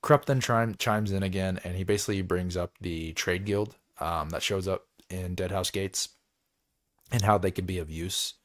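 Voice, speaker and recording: A man's voice: deep voice, fairly even intonation, normal speed. A man hosting a book club, recapping chapters in a loose, rambling way, with lots of filler words and frequent laughs.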